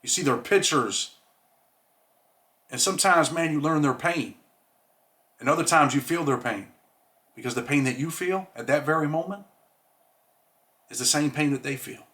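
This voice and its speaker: A man's voice: medium pitch, fairly bright tone. A man hosting a casual monologue, talking in streetwise slang and saying "man" often. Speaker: host.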